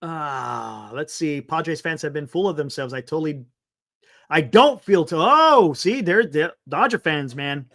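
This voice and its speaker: A man's voice: fairly high pitch, animated, a little slow, fairly bright tone. A man hosting a live sports stream, chatting loosely, reading viewer comments and laughing often.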